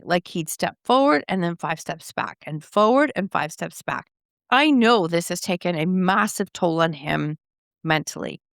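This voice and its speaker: Canadian woman, middle-aged, podcast host chatting through a story, lively, dry close sound. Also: fairly low pitch, dry recording. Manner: conversational, animated, acts out quoted dialogue.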